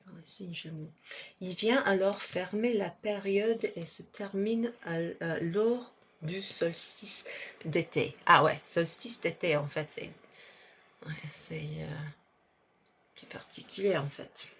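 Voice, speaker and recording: A woman's voice: fairly low pitch, a little slow, fairly bright tone, a little hiss or hum. A woman teaching a French lesson, reading a French text aloud and then explaining its words and pronunciation in English.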